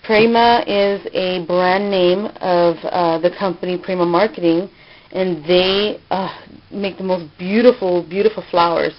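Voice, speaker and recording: A woman hosting a casual hands-on crafting tutorial, talking informally with many fillers and self-corrections. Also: fairly low pitch. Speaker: crafting channel host. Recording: dull lo-fi home video sound.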